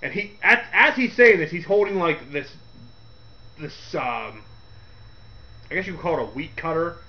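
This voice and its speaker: A man hosting a radio segment, giving a casual, rambling movie review with frequent laughs and quick character impressions. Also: fairly high pitch, expressive, muffled recording. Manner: rambling, laughs often, acts out quotes in character voices.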